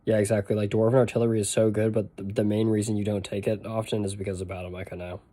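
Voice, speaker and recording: A young man with a Boston accent talks his way through a game stream in loose, rambling chat, stopping to answer questions from his viewers. His voice sits on the low side and sounds mellow and relaxed. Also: fast talker. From northeastern United States. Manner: chatty, rambling, answers chat while playing. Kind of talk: casual gameplay stream chat.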